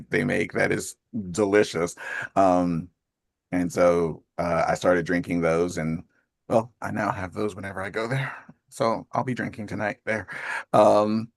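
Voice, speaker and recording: A man's voice: fairly low pitch, measured pace, vocal fry, no room sound, clean studio sound. A man in his fifties hosting a group call, chatting casually in a rambling way and laughing often. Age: 50s. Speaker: host of an accountability call.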